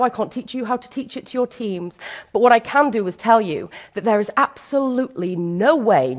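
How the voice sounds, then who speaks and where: A woman giving a conference keynote as a leadership trainer, telling stories with self-deprecating humour and putting questions to the audience. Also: medium pitch. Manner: addresses the audience directly with questions. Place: conference stage before a live audience.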